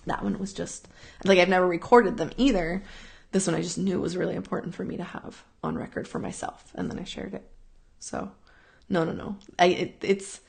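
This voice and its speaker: Hosting a casual live talk, a woman responds to viewers in an earnest, meandering way that loops back and says things again. Her pitch sits fairly low, her pace is moderate, and vocal fry runs through her speech.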